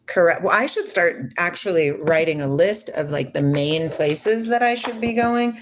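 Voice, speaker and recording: A woman's voice: on the low side, moderate pace. A woman in her forties hosting a livestream, chatting in a rambling, dreamy and playful way and answering viewers' comments. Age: 40s. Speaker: livestream host. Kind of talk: casual chat with live chat.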